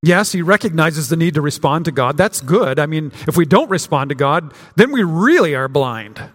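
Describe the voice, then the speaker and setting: A man's voice: on the high side, lively intonation, moderate pace. A man preaching a sermon as pastor, in a conversational way with frequent restarts and acted-out quotes. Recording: long hall reverb.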